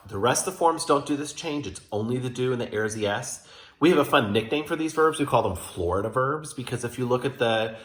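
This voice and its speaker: A man with a fairly low voice walks students through a grammar point at a whiteboard. He is patient and methodical and leans hard on key words. The sound is roomy, with classroom echo around him. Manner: patient, explains step by step with emphatic stress. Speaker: German teacher. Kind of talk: classroom lesson explanation.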